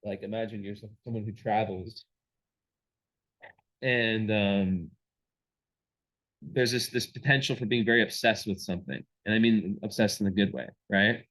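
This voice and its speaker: A man's voice: on the low side, fairly even intonation, moderate pace, long pauses, fairly bright tone, rough recording. A man giving a casual astrology reading, rambling with many fillers and restarts.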